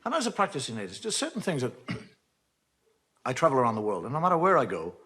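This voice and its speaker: A middle-aged Irish man telling jokes on stage in a wry, deadpan storytelling manner, acting out the voices in his stories. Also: mid-range voice, quick pace. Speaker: stand-up comedian. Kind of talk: storytelling stand-up. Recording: faint noise, archive TV recording.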